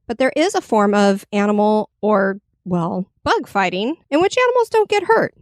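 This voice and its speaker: A podcast co-host reads history notes in a casual, chatty way, her medium-pitched voice very animated at a moderate pace. Recorded on a studio podcast mic, she's giggly, trips over words, and frequently dissolves into laughter.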